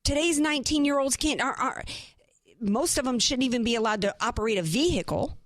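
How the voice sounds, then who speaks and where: A woman's voice: sits high, expressive, a little fast, dry recording. A woman hosting a talk radio show, delivering an impassioned, emphatic monologue full of rhetorical questions from a studio.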